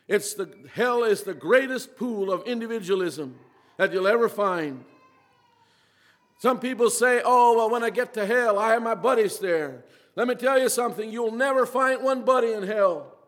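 A man preaching a sermon in an earnest way, repeating phrases and slowing down for emphasis. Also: high voice, animated, a bit bright, long reverb tail.

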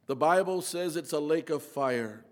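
A high-pitched man delivers a sermon with earnest conviction. He repeats his phrases and slows down to stress his points. His voice rings with a long hall reverb. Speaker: preacher.

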